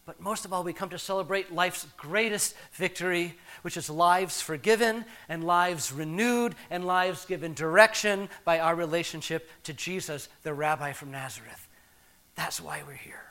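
Bright-voiced reflective male pastor. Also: on the high side. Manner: reflective, measured, with pauses. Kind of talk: sermon.

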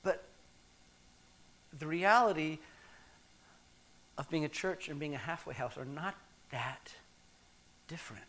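A man in his fifties preaching a sermon, reflective and measured with pauses. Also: on the high side, fairly bright tone. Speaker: pastor.

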